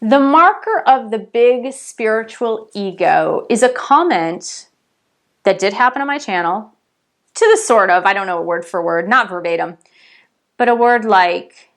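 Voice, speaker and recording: Woman, spiritual coach, casual vlog talk, animated, addresses viewers directly, mid-pitched voice. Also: unhurried.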